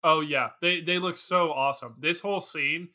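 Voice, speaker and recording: A man's voice: fairly high pitch, normal speed, bright, forceful tone. A man co-hosting a podcast, gushing enthusiastically about a movie and laughing often. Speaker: podcast co-host. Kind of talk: casual movie chat.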